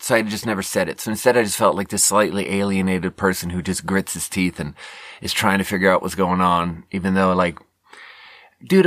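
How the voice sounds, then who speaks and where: A young man from Sweden, a podcast host, telling a rambling, self-deprecating story with halting fillers. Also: on the low side, fairly bright tone, dry recording, studio quality. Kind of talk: casual storytelling monologue.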